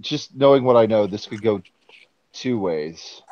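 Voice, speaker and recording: A man runs a tabletop game in an unhurried, measured way, pausing often as he describes the scene. His voice is mellow and dark, coming through a dull, lo-fi online voice chat. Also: on the low side, lively intonation, no room sound. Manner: slow, measured narration with pauses. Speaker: game master.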